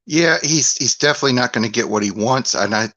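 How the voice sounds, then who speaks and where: A man's voice: mid-range voice, quick pace, a bit bright, no room sound, dull audio. Guy calling into a fan show, easygoing, dry call audio. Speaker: call-in guest. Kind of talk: casual chat.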